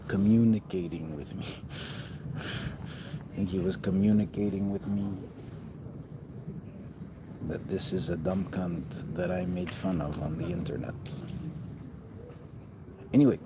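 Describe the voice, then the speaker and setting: A man's voice: low voice, a little slow, long pauses. A man talking in a rambling, profane monologue that often trails off mid-thought. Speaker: vlogger. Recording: noticeable background noise.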